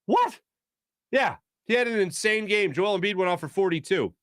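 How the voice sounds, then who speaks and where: A man's voice: high voice, quick pace, fairly bright tone, smooth, dry recording, clean studio sound. A man hosting a casual live sports talk stream, joking, humming filler tunes and reading out viewer comments. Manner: chatty, jokey, hums filler tunes and tries celebrity impressions. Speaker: sports talk show host.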